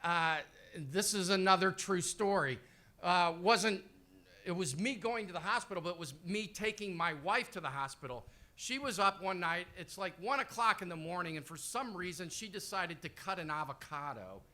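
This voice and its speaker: A man's voice: sits high, animated, moderate pace, pushed and bright. A man in his fifties doing rambling, profane, self-deprecating stand-up storytelling. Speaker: comedian.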